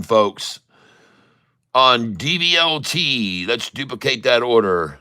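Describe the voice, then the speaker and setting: Middle-aged man, live trading commentary, joking showman asides, slow delivery, bright forceful tone. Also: medium pitch, lively intonation, clear, resonant tone. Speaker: day trader streaming to viewers.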